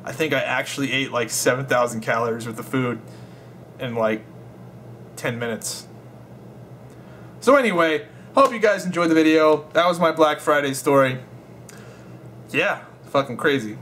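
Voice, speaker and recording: A man's voice: mid-range voice, moderate pace, long pauses, a bit bright, a little hiss or hum. A young man telling a rambling, swear-filled story in a casual vlog. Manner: rambling, swears a lot, laughs while telling. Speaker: gaming vlogger.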